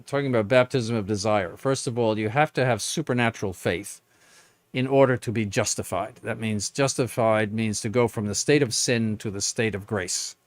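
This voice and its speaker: A man's voice: on the low side, moderate pace, no echo. An older man, a bishop, answering viewer questions on a live stream in a blunt, emphatic, plain-spoken way.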